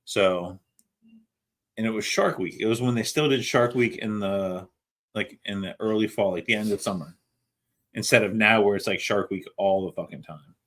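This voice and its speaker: A middle-aged man with a fairly low voice spins a story from his paramedic work in a relaxed podcast chat. His delivery is loose and anecdotal, and he swears freely as he goes. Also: moderate pace. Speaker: podcast co-host.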